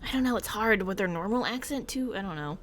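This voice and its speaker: Bright, playful woman streamer. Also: mid-range voice, lively intonation, fast, a little hiss or hum. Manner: playful, giggly asides. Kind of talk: casual game stream commentary.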